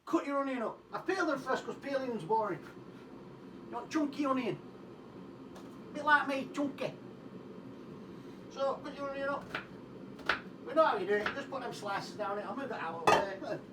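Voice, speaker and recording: In a home kitchen, a man with a very high-pitched voice walks through a cooking demonstration at a moderate pace, pausing often. He's chatty, swears freely and makes fun of himself, and the recording sounds roomy and distant against a noisy background.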